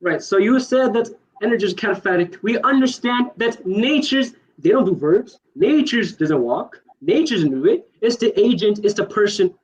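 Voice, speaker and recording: A man in a heated online debate, pressing his questions fast and insistently, talking over the other side. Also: sits high, animated, highs cut off.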